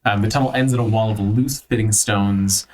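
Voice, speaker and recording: A man narrating a tabletop game as its game master, relaxed and loose, with plenty of ums and uhs. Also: on the low side, a little fast, a little hiss or hum.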